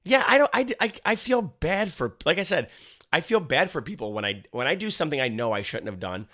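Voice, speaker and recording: Male podcast co-host, casual chat, bright and lively delivery, swears often. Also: a little high, brisk. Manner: animated storyteller, swears freely.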